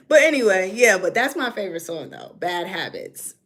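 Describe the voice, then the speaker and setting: A woman's voice: fairly high pitch, sing-song, normal speed, few pauses, a bit bright. A woman from New York with a New York accent, chatting casually on a livestream and reading comments, drifting between topics. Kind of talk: casual chat.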